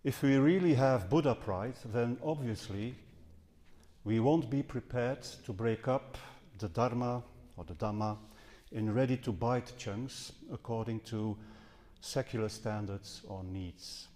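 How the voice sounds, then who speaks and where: In a seminar house hall, with long reverb ringing through the recording, a man gives an earnest Buddhist dharma talk before a live audience. He speaks at a measured pace in a dark, medium-pitched voice, now and then hesitating or correcting himself.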